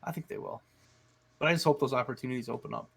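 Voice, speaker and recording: A man co-hosting a casual podcast chat, telling animated stories and swearing freely. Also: medium pitch, very fast, creaky, a little hiss or hum. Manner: animated storyteller, swears a lot. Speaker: podcast co-host.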